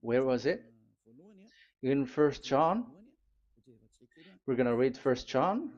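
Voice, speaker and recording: A man preaches a live sermon, reading scripture aloud and urging warnings on his listeners in a halting way, with frequent fillers and restarts. His medium-pitched voice is very animated and darkish. The recording has a dull lo-fi sound.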